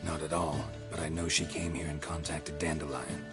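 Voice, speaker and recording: An actor voicing a grim, terse male witcher in a video game, speaking in clipped, flat lines. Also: a bass voice, normal speed. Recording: game audio under music.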